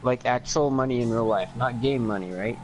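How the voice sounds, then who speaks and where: A man's voice: mid-range voice, brisk, a little hiss or hum. A young man in casual group voice chat while gaming, joking crudely and laughing often.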